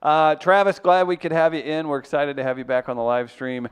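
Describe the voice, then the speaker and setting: A man's voice: fairly high pitch, flat delivery, clear, resonant tone. A man hosting a radio show, joking and teasing his co-hosts in casual banter. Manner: joking, teasing, quick to mock.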